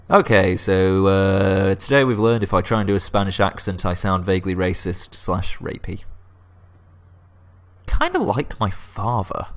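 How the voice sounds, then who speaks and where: A man narrating a video game playthrough, cracking self-deprecating jokes. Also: deep voice. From England, Lancashire. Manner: joking, self-deprecating asides. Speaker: let's play host. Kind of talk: video game let's play commentary.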